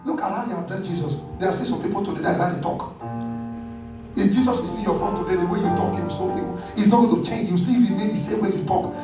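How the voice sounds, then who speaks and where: High-pitched pastor preaching hard, asks the crowd to answer back, huge echo, mic far off. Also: male voice, a little mellow. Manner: emphatic, call-and-response preaching. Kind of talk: sermon. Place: church hall. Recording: echoey hall, distant mic, faint music.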